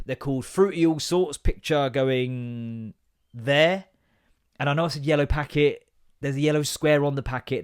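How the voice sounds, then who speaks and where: A man, hosting a casual comedic podcast monologue in a rambling, swearing, self-mocking way. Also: medium pitch. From England. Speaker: podcast host.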